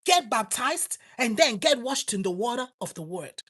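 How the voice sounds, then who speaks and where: A woman's voice: fairly high pitch, sing-song, moderate pace, fairly bright tone, breathy edge. A woman with a Nigerian accent preaching a sermon, exhorting her listeners with rising and falling emphasis.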